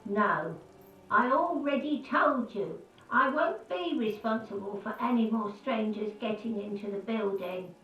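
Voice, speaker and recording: A suspicious, grumpy old woman in a video game, scolding strangers through a locked door. Her voice is fairly high and sharp. It sounds echoey and distant, as if it comes from behind the door. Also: animated, unhurried, dull audio. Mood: dismissive.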